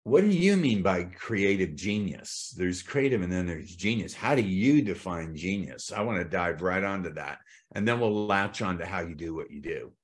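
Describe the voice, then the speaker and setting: A man's voice: sits low, lively intonation. A middle-aged man from the United States hosting a podcast interview, upbeat and eager to dive into questions. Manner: upbeat, talks of diving in, quick asides. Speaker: podcast host.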